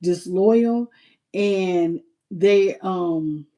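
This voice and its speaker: A woman reading tarot on a live stream, chatty and expressive, talking straight to her viewers. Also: on the low side, drawn-out words. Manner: chatty and expressive, talks to viewers as "y'all" and "baby". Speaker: tarot reader.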